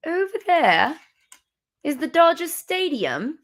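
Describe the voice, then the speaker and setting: High-voiced bubbly woman chatting. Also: animated, unhurried, a bit bright. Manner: bubbly, chatty, talks to viewers. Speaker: sports podcast host. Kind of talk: casual live-stream chat. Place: home room near window.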